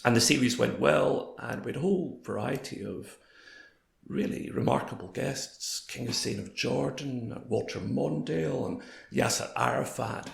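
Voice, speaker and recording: A man in his fifties, hoarse, telling stories as an interview guest. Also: medium pitch, moderate pace. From Scotland. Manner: anecdotal, quoting others in lively voices. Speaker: guest, former broadcaster. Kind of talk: storytelling in a casual interview. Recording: roomy echo.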